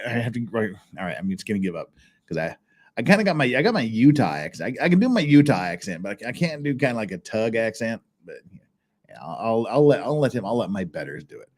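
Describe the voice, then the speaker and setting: Sex: man. Role: livestream host. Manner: rambling, laughing, lively pitch. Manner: rambling, laughs often, many restarts. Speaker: channel host. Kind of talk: casual livestream chat reading viewer messages.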